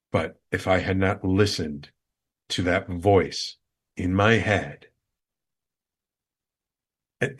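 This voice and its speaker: A man's voice: sits low, breathy edge. Earnest man telling a personal story. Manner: earnest, heartfelt, repetitive emphasis. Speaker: show host.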